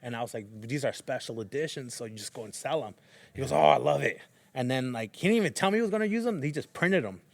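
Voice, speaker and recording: A man's voice: medium pitch, fast talker, no room sound. Slangy man telling stories animatedly. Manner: animated storyteller, acts out quotes, slangy. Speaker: podcast guest. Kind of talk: casual storytelling chat.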